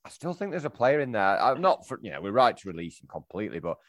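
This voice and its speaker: Guy hosting a footy podcast, lively voice, dead dry audio. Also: fairly low pitch, quick pace, no room sound. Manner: leads topics, dry, lively delivery. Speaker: podcast host. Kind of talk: casual football podcast chat.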